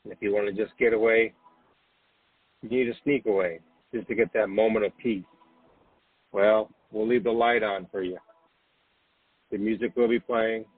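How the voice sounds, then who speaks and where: A low-voiced man hosts a late-night spiritual talk, speaking gently and reassuringly to listeners. His voice is breathy and husky. It is recorded dry, with the narrow, thin sound of a phone line. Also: steady tone, normal speed, long pauses, no room sound. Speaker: podcast host.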